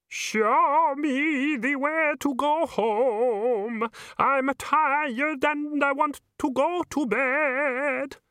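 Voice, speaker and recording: A man's voice: very high-pitched, steady tone, very slow, sharp tone, no echo, clean studio sound, pitched above the performer's own voice, exaggerated voice. A man voicing a tenor who sings in his bath and speaks with a hammy, put-on foreign accent, in a storybook reading. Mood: crooning. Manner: singing, theatrical.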